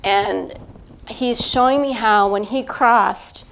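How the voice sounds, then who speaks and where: A middle-aged woman, a psychic medium, gives a gentle, hesitant live reading before an audience, pausing often as she feels her way. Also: mid-range voice, gravelly. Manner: gentle, hesitant, feeling her way with many pauses. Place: event talk in front of a live crowd.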